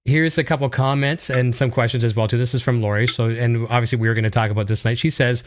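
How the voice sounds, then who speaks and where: A man's voice: medium pitch, fairly even intonation, quick pace, a little hiss or hum. A Canadian man with a Canadian accent hosting an interview, eager and rambling with lots of fillers. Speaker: show host. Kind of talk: casual video interview.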